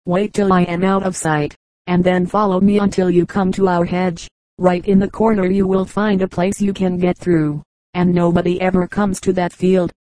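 A woman voicing a lively, frank young girl who talks candidly and briskly, in an audiobook reading. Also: lowish voice, no echo, lightly acted.

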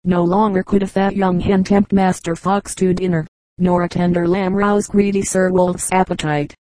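Female audiobook narrator, fables. Low, dark tone, measured pace, dry close sound. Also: little pitch movement, no echo, rough recording.

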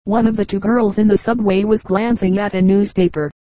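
Mellow woman reading amusing anecdotes. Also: medium pitch, steady tone, fairly quick, dry recording, low-quality recording. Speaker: audiobook reader. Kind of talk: scripted narration of humorous anecdotes.

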